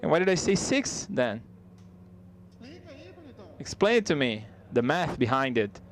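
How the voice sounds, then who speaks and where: A man giving a live spoken interpretation of a stand-up comedy set, conversational and halting, with frequent restarts. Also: medium pitch, big pitch swings.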